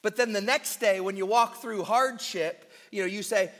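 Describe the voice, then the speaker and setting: A man preaching a sermon to his church, emphatic and deliberate, slowing on key words with quick asides. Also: sits high, fairly bright tone, big-room sound. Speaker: pastor.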